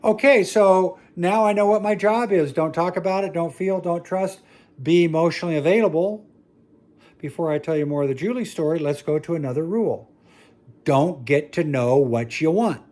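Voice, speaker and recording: A man giving a talk to an audience, telling stories in a jokey, self-mocking way with sudden high exclamations. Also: moderate pace, a little mellow. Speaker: speaker on family dynamics.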